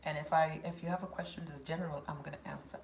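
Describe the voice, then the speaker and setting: A woman with a low voice hosts a casual live question session. Her tone has a gravelly, creaky edge. She reads viewers' questions aloud and answers them chattily, with firm asides, over a faint hiss. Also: steady tone, fast. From South Sudan.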